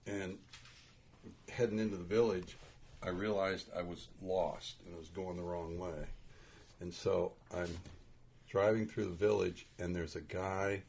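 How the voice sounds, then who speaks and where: A man's voice: low-pitched, a little slow, creaky, slight background noise. A man co-hosting a podcast, telling a story in casual chat. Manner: builds stories with rising excitement. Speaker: podcast co-host.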